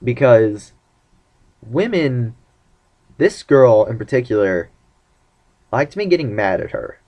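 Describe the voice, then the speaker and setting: A man's voice: mid-range voice, very animated, takes it slowly, a little mellow, dull audio. A young man casually telling rambling, self-mocking stories about his dating life in a vlog. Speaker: vlogger.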